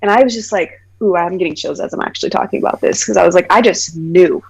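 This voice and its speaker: A woman in her thirties, a podcast guest, telling a personal story in conversation, animated, acting out the voices of the people she quotes, with many "like" fillers. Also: fairly low pitch, fast talker, vocal fry, breathy edge, poor audio. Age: 30s.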